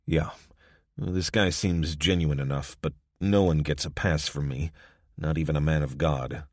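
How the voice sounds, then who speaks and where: A man's voice: extremely low pitch, steady tone, a little slow, no room sound. A man as a laconic, watchful survivor. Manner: laconic, dry. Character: weary, watchful male survivor.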